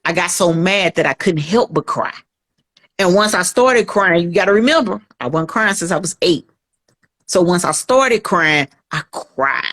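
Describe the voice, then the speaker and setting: A woman's voice: fairly low pitch, lively intonation, unhurried, a bit bright. Woman telling her life story. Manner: earnest storytelling, acts out quoted voices. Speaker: guest. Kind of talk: personal testimony in a podcast interview.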